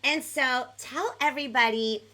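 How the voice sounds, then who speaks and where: Bubbly, bright-voiced woman hosting for kids. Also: high voice, normal speed. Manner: bubbly, animated, counts along and cheers the audience. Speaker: host of a live online kids' music show. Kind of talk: energetic hosting for children. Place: home in Los Angeles. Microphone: headphones on, live stream.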